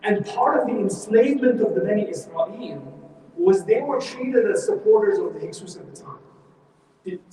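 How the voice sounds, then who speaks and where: A man teaching a Quran study class, telling the story in a lively way and acting out what the people in it say. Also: high voice, moderate pace. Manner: animated storytelling, acts out quoted speech. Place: mosque hall. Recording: echoey hall from far off.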